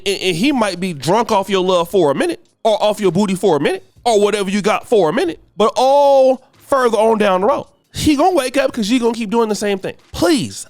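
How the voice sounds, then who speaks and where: Preachy, animated male podcast ranter. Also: high voice, no room sound. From United States. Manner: preachy, emphatic, swings between shouting and muttering. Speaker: podcast host. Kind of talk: ranting commentary monologue.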